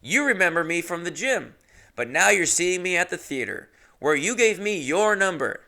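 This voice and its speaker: With a sing-song, sharp-toned voice full of vocal fry, a young adult man hosts a podcast and tells a comic story alone at normal speed. Indignant and profane, he shifts into high, exaggerated voices to quote others.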